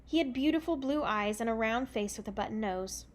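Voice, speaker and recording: A woman reading a children's book aloud in a relaxed, unpolished way, correcting her own slips as she goes. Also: a little high, a little fast. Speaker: reader.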